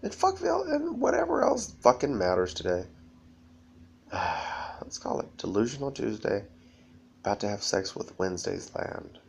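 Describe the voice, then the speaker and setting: A man's voice: mid-range voice, wildly swooping pitch, normal speed, vocal fry, a little hiss or hum. A man rambling through a disjointed, profane monologue to camera, often breaking into laughter.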